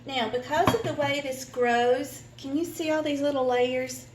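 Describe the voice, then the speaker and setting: High-voiced Southern woman cooking at home. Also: fairly even intonation, unhurried, reverberant, background noise. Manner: chatty, folksy, self-deprecating. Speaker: cooking vlog host. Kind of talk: casual cooking tutorial. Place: home kitchen.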